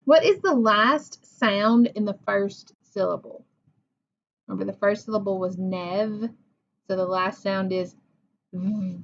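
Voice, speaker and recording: Slow, patient woman teaching phonics. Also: medium pitch, slight background noise. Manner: patient, encouraging, sounds words out. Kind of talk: slow, clear phonics lesson to children. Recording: dull lo-fi recording.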